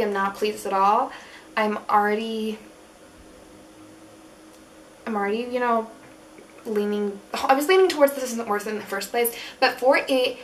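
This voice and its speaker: A young woman with a fairly high voice talks her way through a product review. She is chatty and frank, with plenty of fillers. Her voice sits a little back from the mic, with faint room noise behind it. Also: fairly bright tone, distant mic. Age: young adult. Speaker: beauty vlogger. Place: room at school.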